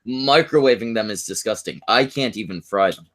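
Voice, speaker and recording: A man's voice: fairly low pitch, normal speed, fairly bright tone. A man in casual chat, hesitant, with many fillers and restarts.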